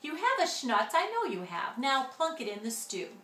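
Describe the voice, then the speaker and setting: A woman voicing a chatty, carefree male glunk creature who rattles on in quick patter. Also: high voice, sing-song, fairly bright tone, echoey room, recorded from a distance. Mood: gabbing. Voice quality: rapid gabbing patter.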